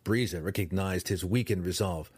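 A man narrating a fantasy audiobook in a dramatic, expressive reading style, close to the mic. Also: sits low, normal speed, husky, dry recording.

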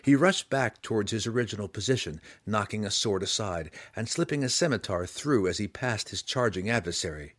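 A man narrating a fantasy audiobook in an expressive, dramatic reading. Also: lowish voice, fairly quick, few pauses, dry recording.

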